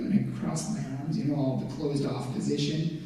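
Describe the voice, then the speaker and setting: A man's voice: a little high, animated, normal speed, warm tone. A young man giving a religious testimony as a guest speaker, talking in a casual, chatty way full of filler words. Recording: echoey hall, voice heard from far off.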